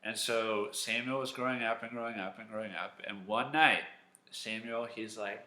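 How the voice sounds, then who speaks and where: A man teaching a Sunday school lesson at home, telling a Bible story in a lively, animated way. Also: lowish voice, normal speed. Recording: echoey room.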